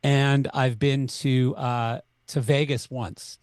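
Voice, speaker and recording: Middle-aged Canadian man, animated podcast storyteller, dry close mic. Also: mid-range voice, slow pace, clean tone, no echo. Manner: animated, acts out both sides of dialogue. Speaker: podcast guest. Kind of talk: conversational storytelling.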